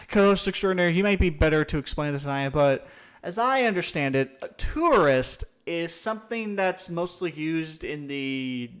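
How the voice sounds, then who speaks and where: Animated, swearing young-sounding podcast host. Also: male voice, fairly high pitch, normal speed, clean tone. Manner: animated, profane, rambling with restarts. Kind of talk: casual podcast chat.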